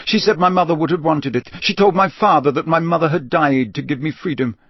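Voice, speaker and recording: A man voicing a young dark wizard confessing under a truth potion in a flat, monotonous, emotionless voice. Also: a little high, a little fast, no echo, lo-fi sound, voice pushed up, lightly acted.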